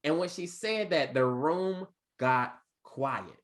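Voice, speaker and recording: A man teacher telling a class a story in an animated, preacher-like cadence with big vocal swings. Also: a little high, slow.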